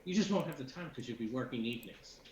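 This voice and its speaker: A man's voice: medium pitch, expressive, fast. A man narrating as game master for a tabletop game with his players, rambling with many fillers and restarts. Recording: echoey room, dull lo-fi sound, faint noise.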